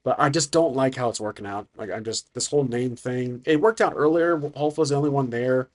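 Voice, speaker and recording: A man's voice: mid-range voice, brisk. A man narrating a solo tabletop game, thinking aloud and hesitant, with frequent restarts.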